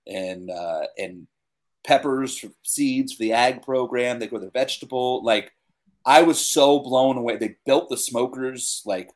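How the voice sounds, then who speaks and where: A man's voice: medium pitch, measured pace. Chatty young man hosting a podcast. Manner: enthusiastic, filler-heavy, says like and dude a lot. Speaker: podcast co-host. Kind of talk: casual chat.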